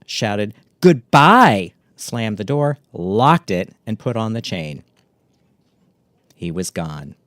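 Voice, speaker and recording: A middle-aged man telling a memoir story in a wry, catty, deadpan way. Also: deep voice, no room sound.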